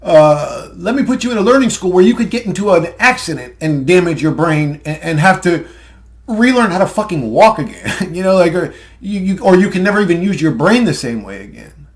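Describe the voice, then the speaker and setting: A man's voice: high-pitched, sing-song, brisk. A young man delivering a heated, profane rant with sarcastic asides and bursts of laughter. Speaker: conspiracy video ranter. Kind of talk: profane ranting monologue.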